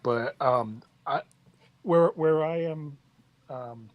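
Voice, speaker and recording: A man's voice: fairly high pitch, slow pace, no echo, narrow, tinny audio. A man from Queens with a New York accent calling into a talk show, stammering as he chats. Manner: stammering, friendly. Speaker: caller. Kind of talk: casual chat.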